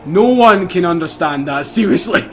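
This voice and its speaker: A young Scottish man giving excitable, casual commentary while playing a racing game, swearing and laughing often. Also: high-pitched, moderate pace, faint music behind. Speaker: gaming YouTuber.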